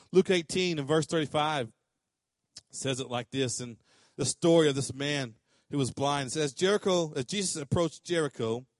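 A middle-aged pastor preaches in a relaxed, conversational way, then builds to pressing questions. His voice sits fairly high for a man. The sound is dry and close. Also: no echo. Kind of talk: sermon.

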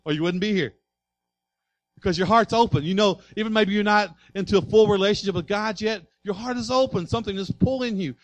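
A male pastor preaching in a high voice. He swings from soft asides to loud, driving passages and keeps asking the congregation questions. The sound is dry and close. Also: dry recording. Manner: asks the congregation rhetorical questions. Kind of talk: sermon.

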